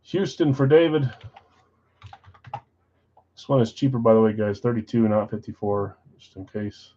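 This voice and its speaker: A man's voice: lowish voice, normal speed, warm tone, muffled recording. A man hosting a live card break stream, reading off names and teams with chatty asides.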